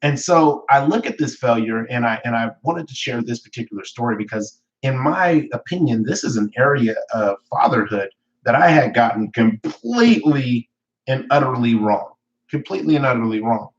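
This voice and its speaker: A man's voice: medium pitch, lively intonation, moderate pace, muffled recording. A man hosting a weekly live motivational talk, telling a personal story in a candid, reflective way with fillers and self-corrections. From Northern California. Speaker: weekly talk show host.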